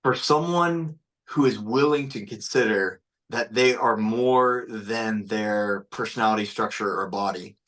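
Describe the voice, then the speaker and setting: Man, online class teacher, low-ish voice, reflective and conversational over a video call. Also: a little slow, hardly any pauses, a bit bright.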